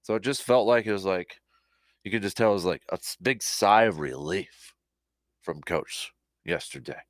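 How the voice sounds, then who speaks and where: A man hosting a casual sports talk show, rambling and animated, with lots of fillers and restarts, a little short on sleep. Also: on the low side, moderate pace, no room sound, clean studio sound.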